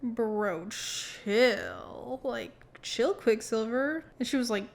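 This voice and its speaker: Brief: young woman book vlogger, chatty and filler-heavy, fairly high voice, slow pace. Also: vocal fry. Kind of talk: casual book summary vlog.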